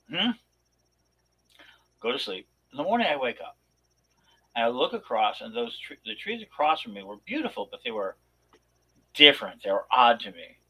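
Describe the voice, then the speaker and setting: A man on a talk show telling a long personal story in a rambling, animated way, with many restarts. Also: medium pitch, breathy edge, muffled recording. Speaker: podcast co-host. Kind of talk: casual storytelling chat.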